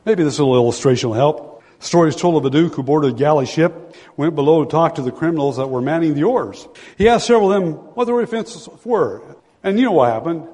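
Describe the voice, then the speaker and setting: A man in his sixties preaching a sermon as pastor, dramatic, swinging from loud pleading to hushed low tones. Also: expressive, quick pace, breathy edge. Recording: long hall reverb.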